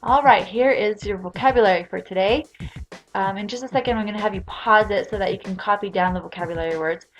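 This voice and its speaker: A woman teaching a recorded beginner language lesson, speaking clearly and patiently as she leads repeat-after-me drills. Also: mid-range voice, fast, faint music behind. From Utah.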